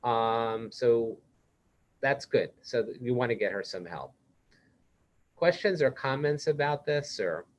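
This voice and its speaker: A man's voice: medium pitch, takes it slowly, long pauses. A man, a psychiatrist, presenting a case to an audience over a video call in a conversational way, acting out what a supportive manager might say. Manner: conversational, role-plays supportive manager lines. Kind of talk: interactive webinar presentation.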